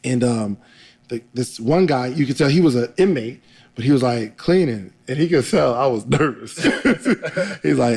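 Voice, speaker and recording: A young man telling a story in a casual interview, animated and laughing often as he acts out what people said. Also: medium pitch, moderate pace, vocal fry, breathy edge. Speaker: podcaster guest.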